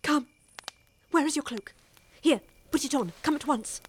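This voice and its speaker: A woman's voice: high-pitched, unhurried. An actress with an English accent playing a worldly older woman who urgently pleads with a young wife, in a radio drama.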